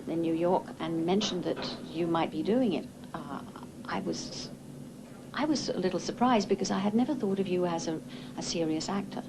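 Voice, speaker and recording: A woman's voice: lowish voice, background noise. A woman recording a fond, chatty message from a backstage dressing room. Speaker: guest sending a message.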